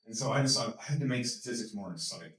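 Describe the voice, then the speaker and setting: A man as a guest speaker at a talk, telling a story with lots of energy, laughing and repeating words as he gets excited. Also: on the low side, racing. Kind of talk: animated storytelling in a Q&A. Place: lecture hall. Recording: echoey hall, mic from a distance.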